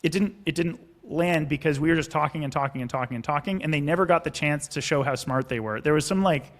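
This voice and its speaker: Animated, slightly high-voiced founder on a call. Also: male voice, quick pace. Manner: animated, acts out investor and founder lines, swears casually. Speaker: podcast guest, startup founder. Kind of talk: casual explanatory interview talk.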